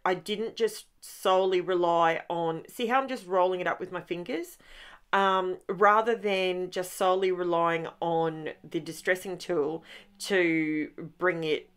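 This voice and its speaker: A woman's voice: fairly low pitch, steady tone, takes it slowly, fairly bright tone, smooth. An Australian woman hosting a scrapbooking channel, giving a chatty, rambling voice-over from her home craft room. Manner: chatty and rambling, with fillers and asides.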